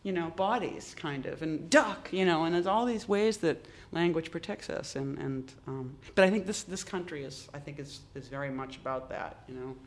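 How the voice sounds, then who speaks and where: Halting, emphatic older poet. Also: mid-range voice. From Boston, United States. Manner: halting, many restarts, emphatic stresses. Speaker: poet, interview guest. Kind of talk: reflective conversation.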